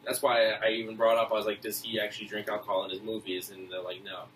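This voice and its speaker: A young man co-hosting a casual podcast, talking in an animated, rambling way with frequent restarts. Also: on the low side, quick pace, recorded from a distance. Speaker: podcast co-host. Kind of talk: casual chat. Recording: echoey room, off-mic, faint noise.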